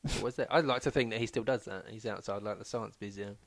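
A man, co-hosting a comedy podcast and telling self-mocking stories in low-key asides. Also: quick pace. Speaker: comedian co-host. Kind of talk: casual comedy podcast chat.

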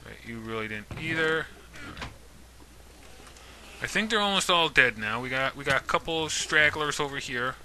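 Gaming YouTuber, male, bright and sharp tone, playful mock threats at mobs. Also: medium pitch, animated, moderate pace, long pauses, slight background noise. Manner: talks to game mobs, mock-menacing and jokey. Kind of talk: casual let's-play commentary.

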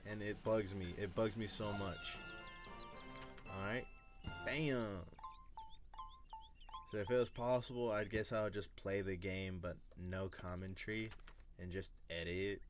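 A man's voice: on the low side, steady tone, unhurried, long pauses. A young man giving casual, chatty gameplay commentary straight to his viewers. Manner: chatty, laid-back, talks to viewers. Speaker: gameplay video creator. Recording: faint game music behind.

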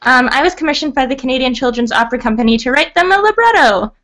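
Bright, high-voiced young-sounding woman. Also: animated, quick pace. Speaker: writer and editor guest. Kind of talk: casual conversation.

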